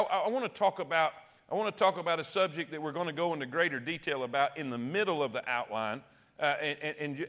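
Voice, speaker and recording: A man leads a Bible study, reading scripture and then breaking into emphatic, conversational explanation. His voice sits high and sounds bright, and his talk is full of restarts.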